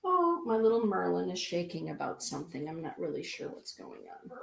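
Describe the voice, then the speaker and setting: A middle-aged woman hosts a spiritual live stream, soothingly reading oracle cards and viewer comments aloud and repeating phrases. Her voice is fairly low, expressive, creaky and unhurried, recorded in an echoey room.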